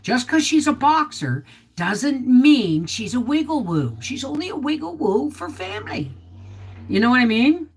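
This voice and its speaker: Here a middle-aged woman with a slightly high, very animated voice takes her time while hosting a laid-back homestead livestream inside her house. She's chatty, reads viewers' comments out loud, and slips into baby talk for her dog, recorded on a desktop microphone.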